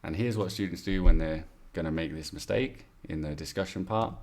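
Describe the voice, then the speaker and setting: A man's voice: deep voice, fairly quick, hardly any pauses, a little mellow. A man teaching English in a chatty exam-prep video lesson, explaining with asides and demonstrations.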